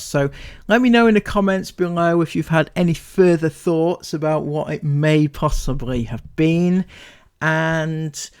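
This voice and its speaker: Slow-talking guy doing sarcastic commentary on vlogs, kinda high voice, dry jokes. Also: gravelly. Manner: dry, mocking asides. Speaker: commentary YouTuber. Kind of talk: sarcastic commentary on vlog clips.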